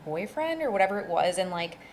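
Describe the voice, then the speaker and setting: A woman's voice: lowish voice, sing-song, a little fast, a little hiss or hum. A woman hosting a casual podcast, asking chatty, curious questions and tossing in playful asides. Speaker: podcast host.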